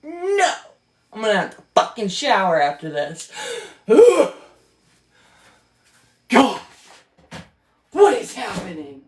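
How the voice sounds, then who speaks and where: A woman's voice: mid-range voice, sing-song, normal speed. A woman giving casual, sarcastic and profane reaction commentary on a book she reads aloud.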